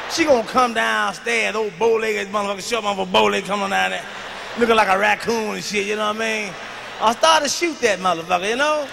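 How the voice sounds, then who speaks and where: A man doing a stand-up routine on an arena stage, loud and profane, shouting his punchlines into a handheld mic. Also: very high voice, animated, a little fast, vocal fry, pauses often, background noise. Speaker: stand-up comedian. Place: large arena stage with live audience. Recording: live arena recording with long reverb.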